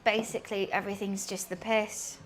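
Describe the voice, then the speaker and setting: A woman's voice: mid-range voice, flat delivery, a little fast, faint music behind. A young woman, chatting casually and giggling as she answers her live-stream chat while cooking in her home kitchen.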